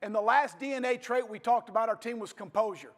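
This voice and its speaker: A football coach in his fifties, a man with a rather high voice, tells stories to an audience in a blunt, folksy way. His motivational speech rings out in a reverberant hall. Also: fast talker.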